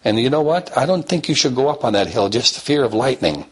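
A man voicing a doting old grandmother who fusses and worries, in a high, fluttery, questioning voice. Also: sing-song, fast talker, slightly rough. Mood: worried.

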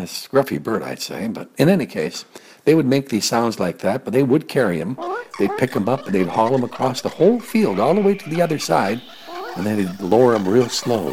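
A man telling an improvised story in a rambling, gentle way that sometimes drops to soft, near-whispered words. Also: fairly low pitch, slight background noise.

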